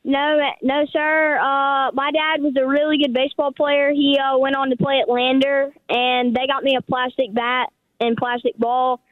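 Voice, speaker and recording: A man's voice: very high voice, flat delivery, moderate pace, hardly any pauses, dry recording. A nine-year-old boy with a South Carolina accent, answering a radio host's questions politely and a little hesitantly, with many fillers. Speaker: guest golfer. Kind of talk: phone-in radio interview. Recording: tinny dry phone line.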